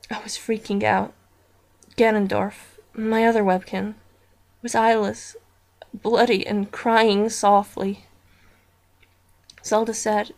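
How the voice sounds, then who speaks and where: A woman reading a horror story aloud as narrator, in a slow, deliberate storytelling manner. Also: mid-range voice, flat delivery, gravelly.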